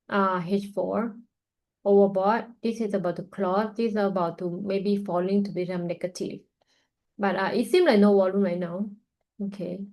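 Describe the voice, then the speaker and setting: A woman hosts a live trading webinar and talks through the charts as she watches them. She sounds tired and yawns through it, with lots of fillers and loose grammar in her English. Her voice sits at a middle pitch. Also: dark tone, poor audio. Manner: casual, thinking aloud while watching charts. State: tired, yawning. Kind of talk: live market analysis.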